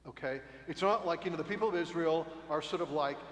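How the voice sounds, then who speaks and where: A man's voice: fairly high pitch, fast talker. A man teaching an adult Sunday school Bible class, talking conversationally and checking in with 'right?' and 'okay?'. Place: cathedral meeting space. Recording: echoey hall with long reverb.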